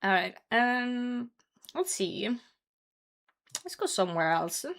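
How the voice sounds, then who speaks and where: A woman's voice: on the high side, very animated, takes it slowly, gravelly, fairly bright tone. A young woman streaming from her computer at home, chatting casually with her viewers and laughing often as she hosts a hide-and-seek game. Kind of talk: casual live-stream chat.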